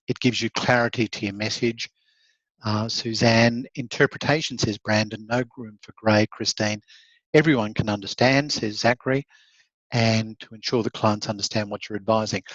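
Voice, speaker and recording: A man's voice: mid-range voice, no room sound, lo-fi sound. A man giving an online law lecture, encouraging and conversational, reading out students' comments. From Australia. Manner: encouraging, conversational, laughs often.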